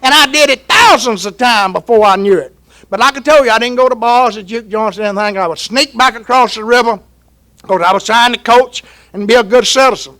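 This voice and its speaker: A man's voice: very high-pitched, fairly quick, sharp tone. An older man from Georgia, telling his recovery story to an AA gathering in a folksy, chuckling way. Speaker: AA speaker. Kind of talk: recovery talk to a crowd.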